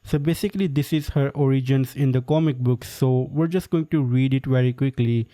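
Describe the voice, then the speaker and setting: A man giving casual, opinionated video commentary, full of "like" and quick asides. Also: medium pitch, steady tone, mellow. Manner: opinionated, filler-heavy with frequent "like". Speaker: pop-culture commentator.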